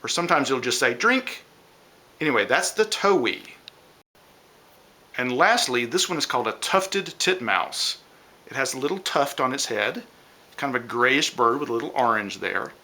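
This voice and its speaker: Guy teaching a kids' science lesson, bouncy pitch, bright voice, explains step by step, mimics bird calls. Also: animated, moderate pace. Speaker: science educator for children.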